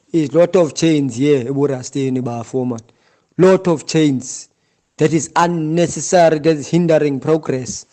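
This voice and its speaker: A man with a South African accent speaks in a high, mellow voice. He talks in an impassioned, repetitive monologue, circling back to the same points and calling to his listener. His tone is insistent throughout. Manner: repetitive, insistent, often addresses the listener as "Bafo". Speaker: Rasta community member.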